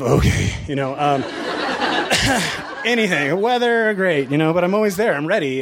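A man who works as a bartender, telling stories to an audience in a casual, lively way and chuckling often. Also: medium pitch. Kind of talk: storytelling talk to an audience.

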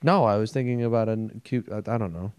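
A man's voice: lowish voice, fast, a little mellow, clear, resonant tone, no room sound. A man co-hosting a gaming podcast, joking around in loose, rambling banter with lots of laughter. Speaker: podcast co-host.

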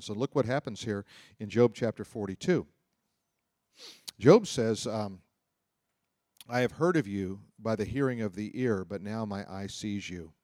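In clean studio sound with no echo, a man with a fairly low, slightly mellow voice preaches. He reads scripture aloud and explains it conversationally, frequently asking his hearers questions.

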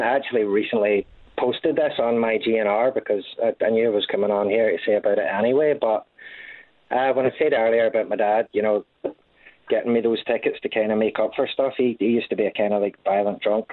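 A Scottish man in his thirties, a guest in a casual interview, talking haltingly with many restarts. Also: fairly low pitch, steady tone, no room sound. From Scotland. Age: 30s. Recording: tinny phone-like line.

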